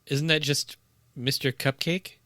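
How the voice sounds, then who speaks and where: A man's voice: fairly high pitch, fairly even intonation, unhurried, sharp tone, dry recording. Laid-back guy cohost, teases his buddy, lots of uh-huhs, dry mic. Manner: easygoing, teasing, many affirming uh-huhs. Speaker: podcast co-host. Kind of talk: casual chat.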